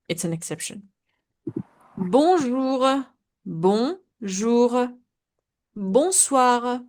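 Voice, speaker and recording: A woman in her twenties teaching a French class over a video call, drilling greetings and chatting with students. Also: mid-range voice. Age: 20s. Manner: drills words, then chats with laughs. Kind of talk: online class, casual teaching.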